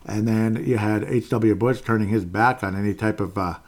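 A man's voice: lowish voice, normal speed. A man in his forties giving a casual, rambling, opinionated political monologue, chuckling often. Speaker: political commentator.

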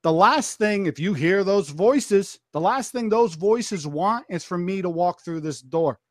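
With lively intonation and a measured pace, a high-pitched man vividly retells a story during casual podcast talk, voicing each quote. Restarts and repeated phrases come often, and his close, dry recording carries no echo.

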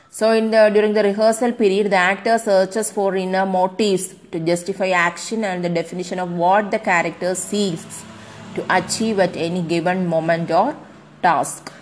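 A woman giving a lecture, reading passages aloud and then explaining them with pauses and fillers. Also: medium pitch. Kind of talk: classroom lecture explaining a read text.

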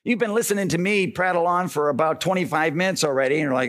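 A male pastor giving an energetic, conversational sermon, often checking in with the congregation. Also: on the high side, fast talker, few pauses.

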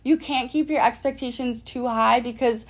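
A woman's voice: a little high, steady tone. A young woman co-hosting a podcast, chatting bluntly and chiming in often with agreement. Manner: blunt, agreeable, quick interjections. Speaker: podcast co-host. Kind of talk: casual chat.

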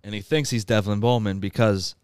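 A man's voice: lowish voice, steady tone, fairly quick, clean tone, no room sound. A man hosting a podcast, retelling a movie plot in casual chat, laughing often and acting out the characters' lines. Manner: laughs often while recounting, acts out quoted lines. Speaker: podcast host.

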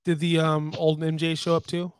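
A man's voice: fairly high pitch, monotone, normal speed, smooth, no echo. A man in casual chat, joking and swearing, talking animatedly.

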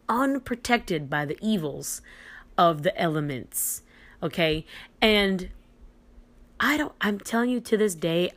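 A young adult woman hosting a podcast, telling a personal story in a casual, animated and excitable way, with restarts and dramatic pauses. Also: low-pitched. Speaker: podcast host.

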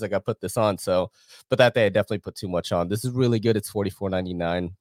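A man's voice: fairly low pitch, rapid-fire, no echo, studio quality. A man hosting a podcast, reading sponsor ads in a casual, slangy, profane way. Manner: slangy, profane and laid-back, laughs often. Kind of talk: casual chat.

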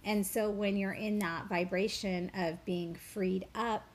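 A spiritual teacher speaks as a guest in an interview, earnestly and reflectively recalling her faith and a childhood memory. Her medium-pitched voice is steady and slow, and she uses fillers and repeats words.

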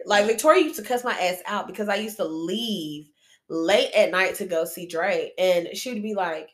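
A woman's voice: medium pitch, moderate pace. A woman co-hosting a casual live podcast, blunt and emphatic, swearing freely. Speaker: podcast co-host.

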